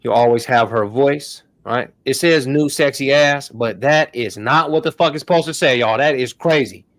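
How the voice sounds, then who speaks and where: A man's voice: mid-range voice, normal speed, dry recording, clean studio sound. A man hosting a casual tech tutorial stream, talking loosely in slang to his viewers. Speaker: host.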